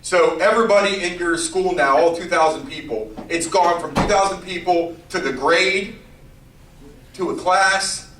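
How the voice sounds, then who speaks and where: A man giving a youth sermon, telling a story in an animated, playful way with character voices. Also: high-pitched, unhurried, roomy sound, far from the mic, noisy background. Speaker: youth pastor.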